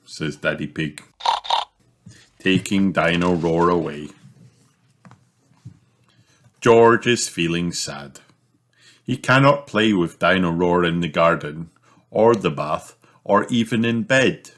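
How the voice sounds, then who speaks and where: A man reading a children's book aloud in a slow, animated storytelling manner. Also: low-pitched. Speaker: storybook reader.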